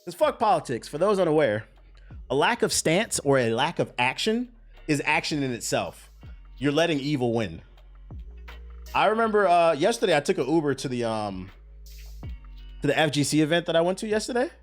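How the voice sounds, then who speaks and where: A man hosting a casual gaming news show, telling stories in a profane, animated way. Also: on the high side, moderate pace, long pauses, soft background music.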